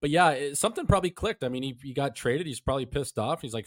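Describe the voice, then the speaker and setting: A man's voice: medium pitch, expressive, quick pace, few pauses, dry recording. A man hosting a hockey podcast, joking and swearing in casual chat. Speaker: podcast host.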